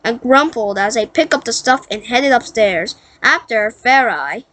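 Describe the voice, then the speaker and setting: A woman's voice: on the high side, animated, fairly bright tone. A woman reading a storybook aloud, stumbling and correcting herself as she goes. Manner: halting, self-correcting read-aloud. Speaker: book reader.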